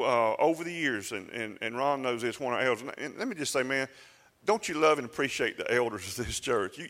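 Emphatic pastor in a reverberant church. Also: male voice, medium pitch, sharp tone, slight background noise. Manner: conversational preaching, swelling to emphatic declarations. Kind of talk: sermon. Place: church sanctuary.

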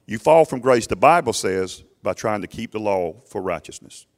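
A male pastor preaching a sermon emphatically to his congregation, often urging them to listen, his voice swelling loud and falling low. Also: animated, moderate pace. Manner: emphatic preaching, rising and dropping sharply in loudness; addresses congregation directly with repeated "listen".

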